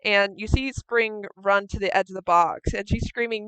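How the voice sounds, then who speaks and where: A woman game master narrates a tabletop game in a casual, profane manner and bosses her players about. Her voice is bright and strikingly clear, recorded dry and close. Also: medium pitch, steady tone, moderate pace, no room sound. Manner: casual, swears freely, bossy with players.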